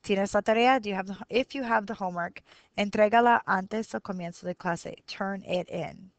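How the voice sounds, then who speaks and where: Woman teacher, 30s, mid-pitched, patient explainer, dry close recording. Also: steady tone, normal speed, no echo. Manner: switches between Spanish and English explanations, counting syllables aloud; patient, explanatory, thinks aloud with fillers. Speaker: Spanish teacher. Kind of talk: classroom video lesson.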